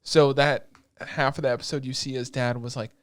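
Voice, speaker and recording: A young man on a podcast, chatting casually as he recaps an anime. He rambles and gets excitable, swears freely and leans on filler words. His voice sits at an ordinary pitch, and the recording is dry and close. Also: brisk, clear, resonant tone, no room sound. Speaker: podcast co-host.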